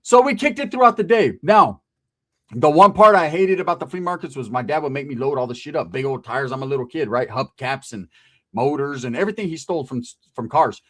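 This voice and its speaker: A man's voice: on the high side, expressive, fairly quick. A man telling a profane comic story about his past, acting out the people in it.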